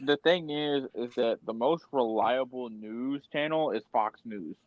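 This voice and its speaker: A man's voice: mid-range voice, unhurried, no room sound, muffled recording. A young man co-hosting a podcast in casual chat, joking and swearing in slang. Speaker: podcast co-host.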